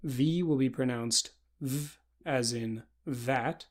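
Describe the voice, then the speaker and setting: A man giving a pronunciation lesson, deliberately spelling out sounds one by one with example words. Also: medium pitch. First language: English. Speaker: pronunciation instructor.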